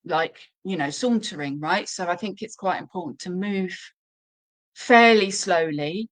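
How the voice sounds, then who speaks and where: A woman's voice: unhurried, poor audio. A woman dog trainer hosting a live question-and-answer stream, explaining step by step in a chatty way with plenty of fillers. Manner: acts out short quotes in a high, anxious voice. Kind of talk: live-stream teaching, conversational.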